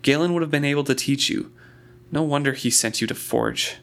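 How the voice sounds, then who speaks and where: A man reading aloud voices a gruff, bitter older stablemaster who speaks in blunt, clipped reproach. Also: fairly high pitch, fairly quick, fairly bright tone, pitched above the performer's own voice.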